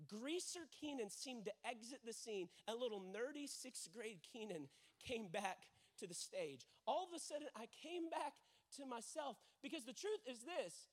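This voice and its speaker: A man's voice: very high-pitched, a bit bright. A young man preaching a sermon as pastor, telling stories and acting out quotes with emphatic repetition.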